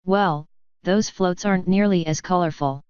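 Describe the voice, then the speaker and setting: A woman's voice: fairly low pitch, normal speed, darkish tone, clean tone, no room sound, lo-fi sound, close to an everyday voice. A woman voicing a carefree, teasing male chaos spirit in a fanfiction audiobook reading. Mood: playful.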